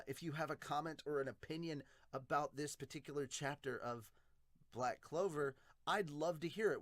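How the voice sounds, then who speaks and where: A man's voice: medium pitch, no echo. A man hosting an anime podcast, casually reading out viewer comments and chatting, swearing and laughing easily.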